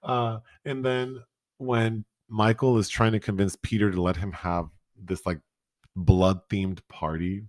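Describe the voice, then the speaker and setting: In a casual film review chat on a podcast, a male co-host talks unhurriedly in a fairly low voice. He's animated, laughing often and performing the movie lines he quotes. The recording is clean studio sound without room sound.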